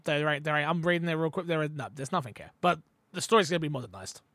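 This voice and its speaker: A man hosting a casual gaming podcast, telling animated stories and slipping into impressions. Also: a little high, fast talker, no room sound. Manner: animated storyteller, slips into impressions. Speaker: podcast host.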